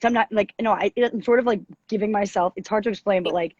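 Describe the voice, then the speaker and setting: Raspy deep-voiced woman rambling. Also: fast talker, no echo, muffled recording. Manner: rambling, animated, self-interrupting. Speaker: podcast co-host and astrologer. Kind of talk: casual spiritual chat. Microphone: video call.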